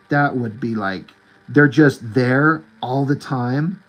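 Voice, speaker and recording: An artist in his forties, host of his own art channel, talks a little slowly at medium pitch. He chats casually and enthusiastically about movies and comics, rambling and saying "like" a lot.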